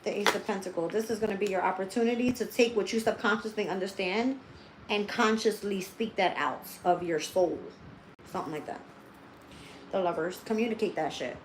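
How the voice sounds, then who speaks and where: A woman at middle pitch gives a livestream tarot reading, cursing freely and speaking bluntly to her viewers. She thinks out loud as she works through the spread. A faint hiss sits under her voice. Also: a little fast, reverberant, rough recording. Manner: blunt and heavily profane; thinks aloud, talking straight to viewers. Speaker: tarot reader.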